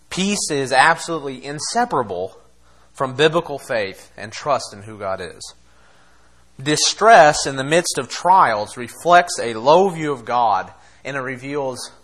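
A man preaching a sermon, impassioned, swinging between quiet asides and loud exhortation. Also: medium pitch. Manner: impassioned, acts out quoted voices, laughs between points.

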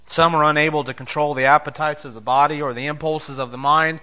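A man preaching a sermon as pastor, emphatic, swinging between loud declarations and soft, low asides. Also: fairly even intonation, quick pace.

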